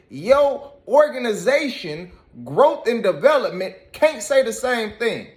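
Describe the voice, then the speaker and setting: A man giving reaction commentary, scolding and emphatic, repeating his points. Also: very high-pitched. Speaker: commentary host.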